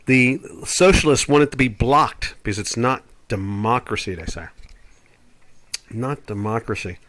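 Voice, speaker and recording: A man's voice: mid-range voice, a little slow, fairly bright tone. An older man hosting a live trading chat, rambling and opinionated as he talks through market charts. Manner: rambling, opinionated, puts on quoted voices. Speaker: trading show host.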